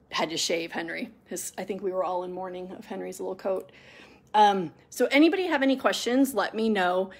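Chatty middle-aged woman grooming her dog. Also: medium pitch. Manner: rambling, chatty, many ums and restarts; soft cooing asides to the dog. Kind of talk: casual livestream chat while grooming.

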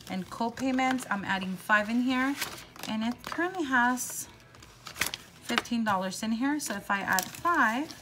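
A woman vlogger chatting casually while counting cash out loud, excitable and upbeat. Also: a little high, a little slow, noisy background. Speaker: budgeting vlogger.

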